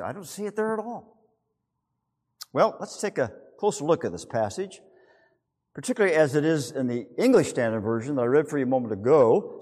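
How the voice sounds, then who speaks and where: A man's voice: mid-range voice, darkish tone, in a large hall. A man preaching a sermon who reads scripture and retells it as a vivid story full of rhetorical questions. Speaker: pastor.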